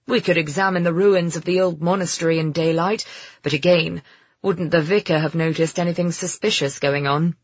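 A man's voice: fairly high pitch, fairly even intonation, normal speed, husky, no room sound, lo-fi sound. A narrator voicing a polite, shy young man in an audiobook, close to the narrator's own voice. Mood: earnest. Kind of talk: audiobook character voice.

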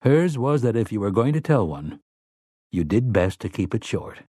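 Low guy reading an audiobook, measured, super dry close sound. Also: big pitch swings, mellow, husky, no room sound. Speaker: audiobook narrator. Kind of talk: scripted narration.

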